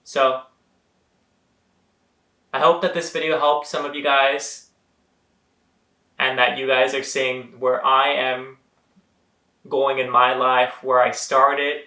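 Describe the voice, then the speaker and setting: A man's voice: medium pitch, flat delivery, slow, long pauses, bright, forceful tone, roomy sound. A young man giving an earnest, motivational vlog monologue, talking straight to his viewers and calling them guys. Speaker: vlogger.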